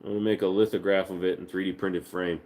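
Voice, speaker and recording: A man's voice: sits low, flat delivery, fast talker, a little mellow. A man hosting a casual livestream from home, joking with profanity and cooing baby talk to his dog. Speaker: livestream host.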